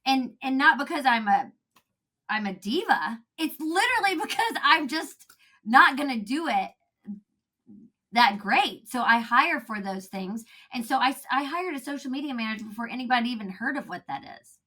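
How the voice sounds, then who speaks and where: A woman talking as a podcast guest, animated and laughing often, acting out quotes in a casual chat. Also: high-pitched, normal speed.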